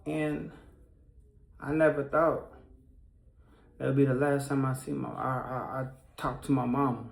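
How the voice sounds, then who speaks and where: A man's voice: medium pitch, level tone, measured pace, vocal fry. A man shares a painful story from his life in loose, casual speech. He rambles and restarts, with a somber, hurting undertone. His mid-range voice bounces around an echoey room. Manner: rambling, heavy with fillers and restarts; somber, pained retelling of a loss. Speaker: person sharing a personal story.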